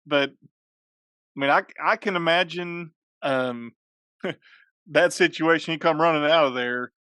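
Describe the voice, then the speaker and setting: A man's voice: fairly high pitch, unhurried, pushed and bright, clear, resonant tone, no room sound. A man co-hosting a podcast, chatting casually, joking and chuckling often. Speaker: podcast co-host. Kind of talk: casual chat.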